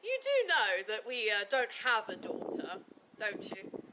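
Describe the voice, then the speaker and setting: A woman voicing a sharp-witted mayor's wife who speaks drily and teases her husband. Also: on the high side, wildly swooping pitch, measured pace, background noise. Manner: dry, gently teasing.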